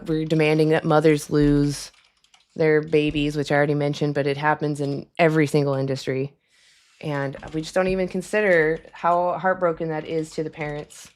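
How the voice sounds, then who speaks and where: Low-voiced woman chatting on a live stream. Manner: rambling, filler-heavy, chatty asides. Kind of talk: casual live-stream chat. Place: at a desk at home.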